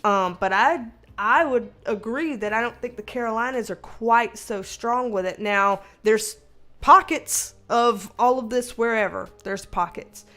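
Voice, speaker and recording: Young woman chatting on her stream, high voice, laughs a lot, cusses casually. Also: a little slow, a bit bright. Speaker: livestream host reading chat. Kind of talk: casual chat.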